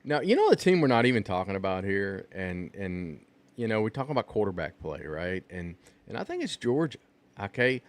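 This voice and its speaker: A man's voice: lowish voice, very animated, a little fast. A man in casual college football talk, opinionated and stressing points with repeated checks.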